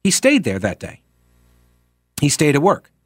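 Talk show guy breaking down a trial, kinda high voice, acts out the quotes, asks lots of questions, dry close mic. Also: unhurried, husky, dry recording. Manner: animated, acts out quoted speech with rhetorical questions. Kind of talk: commentary on a trial.

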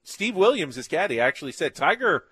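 A man's voice: fairly high pitch, very animated, a little fast, bright, forceful tone, husky. A man co-hosting a casual chat, talking in a conversational way and adding asides. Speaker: podcast co-host.

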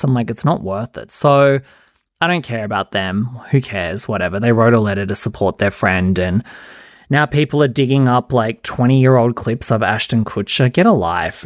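With no room sound and studio-quality audio, a medium-pitched man hosts his podcast alone. He offers casual, sarcastic commentary on reality TV, peppering nearly everything with "like".

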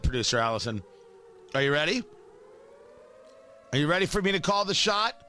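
A man's voice: fairly high pitch, animated, moderate pace, pauses often, pushed and bright, soft background music. A middle-aged man hosting a talk radio show, giving a brash, emphatic monologue with joking asides into a studio microphone.

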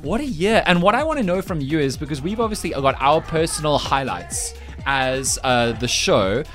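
A man's voice: on the high side, animated, moderate pace, a bit bright, faint music behind. Upbeat chatty radio host man. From South Africa. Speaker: radio breakfast show host. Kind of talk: radio banter and links.

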